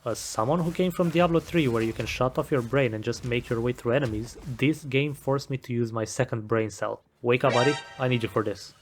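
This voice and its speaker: A man's voice: mid-range voice, a little fast, few pauses, faint music behind. A man giving a scripted game review voice-over with a wry, self-deprecating sense of humor. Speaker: gaming video creator.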